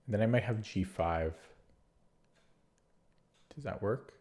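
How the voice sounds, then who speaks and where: Low, stuffy-nosed man muttering chess moves. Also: lively intonation, slow pace, darkish tone. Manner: muttering move calls to himself, hesitant. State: nasal from spring allergies. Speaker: online chess player. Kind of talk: thinking-aloud game commentary.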